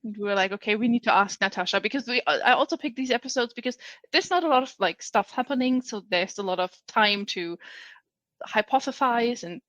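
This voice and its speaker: Woman podcast guest, loose and rambling, a bit high-pitched, dry close sound. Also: a little fast, fairly bright tone, no room sound. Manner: casual, rambling, frequent restarts. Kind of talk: casual podcast chat.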